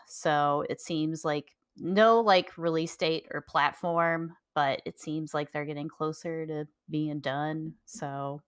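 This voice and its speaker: Chatty woman with a smooth lowish voice. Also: no echo, studio quality. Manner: chatty, laughing, many ums and likes. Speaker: podcast co-host. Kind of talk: casual chat.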